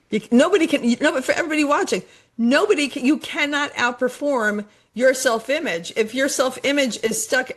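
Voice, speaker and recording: A middle-aged woman life coach talking in a podcast conversation, enthusiastic and motivational, repeating phrases for emphasis. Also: a little high.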